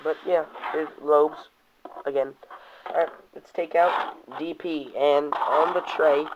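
A man's voice: a little high, fairly even intonation, slow pace, very noisy. A young man casually reviewing toys, rambling and cursing now and then, reading comic panels aloud in put-on voices. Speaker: toy reviewer. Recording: dull lo-fi home video audio.

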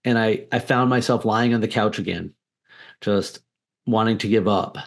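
A man's voice: lowish voice, normal speed, gravelly. A man as a podcast guest, telling a candid personal story in a blunt, defiant way with frequent swearing.

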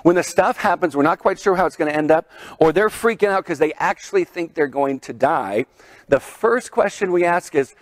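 A man preaching in a chapel, with a voice a touch higher than most men's. He tells stories in an animated way and laughs often, and his voice sounds close to the mic and dry. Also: brisk, no room sound. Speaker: pastor. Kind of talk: sermon.

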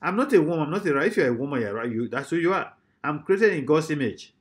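Man, preacher, emphatic, repeats phrases, fairly high voice. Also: expressive, fast talker. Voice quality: emphatic, repeats phrases, swings loud and soft. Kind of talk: sermon.

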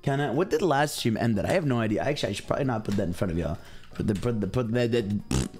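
A man's voice: lowish voice, lively intonation, quick pace, darkish tone, soft background music. A young adult man streaming, chatting casually and rambling while talking straight to his chat. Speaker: game streamer.

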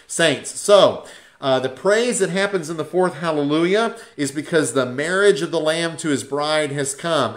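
A man with a slightly high voice leads a Bible class in a church classroom. He explains each passage patiently, reading verses aloud and pausing to correct himself as he goes. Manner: explanatory, reads scripture aloud, self-correcting.

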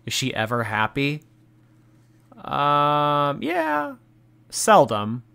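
A man's voice: medium pitch, a bit bright. A man hosting a reaction commentary, making sarcastic, mocking remarks about the clips. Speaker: commentary host.

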